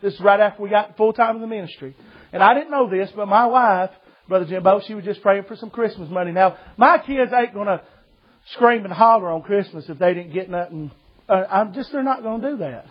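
A man's voice: sits high, brisk, slightly rough, lo-fi sound. A man, preaching a folksy, joking sermon to a church congregation and calling his listeners brother. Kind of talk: humorous storytelling sermon. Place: church service.

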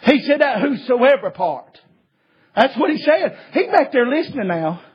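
A man preaching a sermon, telling a story in a folksy way and swinging from hushed tones to shouts. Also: very high-pitched, sing-song, normal speed, breathy edge. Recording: dull lo-fi recording.

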